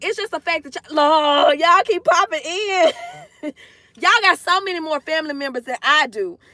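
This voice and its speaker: A woman's voice: high-pitched, normal speed, bright, forceful tone, no echo. A woman chatting emotionally to her livestream viewers from her car, gushing and close to tears. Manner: gushing, emotional, addresses chat directly. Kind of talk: casual livestream chat to viewers. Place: in a parked car.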